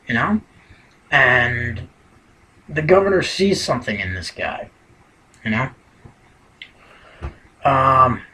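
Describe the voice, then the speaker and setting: A man's voice: on the high side, a bit bright, low-quality recording. A man giving a casual spoken recap of a TV episode, rambling and leaning heavily on "you know" fillers. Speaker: TV episode reviewer.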